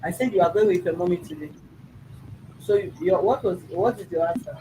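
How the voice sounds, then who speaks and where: A man's voice: sits high, brisk, background noise. A man, hosting a mediation and firmly questioning a child, repeating his questions. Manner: firm, probing, repeats questions. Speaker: mediator host. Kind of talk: questioning a child in a family dispute.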